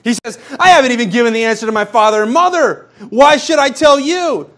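A man preaching a sermon in a church, retelling a story in a casual, animated way and acting out the people in it. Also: extremely high pitch, a little fast. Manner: storytelling, acts out quoted characters casually. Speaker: pastor.

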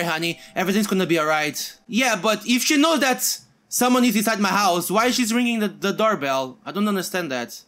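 Very high-voiced, bright, excitable young-sounding man. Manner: excitable, yells at game characters, jokey. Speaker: gaming YouTuber. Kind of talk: let's play commentary.

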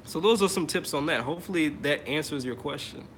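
A man's voice: a little high, lively intonation, fairly quick, fairly bright tone, a little hiss or hum. A man teaching trumpet in an online masterclass, explaining casually with many fillers and restarts. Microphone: computer mic on a video call.

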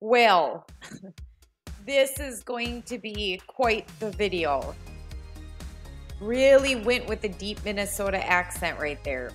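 A woman's voice: mid-range voice, lively intonation, slow pace, bright, forceful tone. A woman narrating a voice-over for her own cleaning video, chatty and amused, talking straight to her viewers. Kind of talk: casual voice-over commentary. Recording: voice-over with faint music.

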